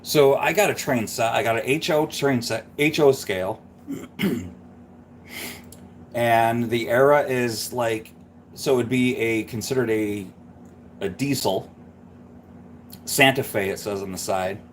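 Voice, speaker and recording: A man's voice: mid-range voice, slow, pauses often, a little hiss or hum. A man hosting a live stream, chatting casually and rambling through a story. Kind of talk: casual chat.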